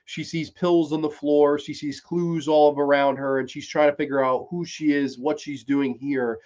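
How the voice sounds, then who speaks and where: A man hosting a live-streamed TV review, talking casually, swearing freely and excitedly retelling scenes. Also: a little high, moderate pace. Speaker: podcast host reviewing a TV series. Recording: dull lo-fi stream audio.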